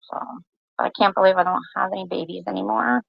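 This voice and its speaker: A woman's voice: medium pitch, steady tone, fast talker, gravelly, no room sound, dull audio. A woman hosting a livestream, chatting casually and teasing her viewers. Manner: chatty and teasing, talks to chat. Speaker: livestream host.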